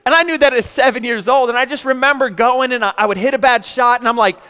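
A young man from Texas preaching a sermon in a large church hall, conversational and energetic, with rising exclamations. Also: very high-pitched, fast, clear, resonant tone. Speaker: pastor. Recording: long hall reverb.

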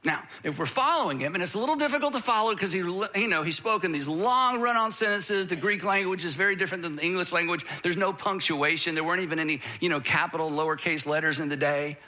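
A man preaching a sermon, animated, acting out the voices of his listeners and of the apostle as he retells the text. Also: high voice, fast, few pauses. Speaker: pastor.

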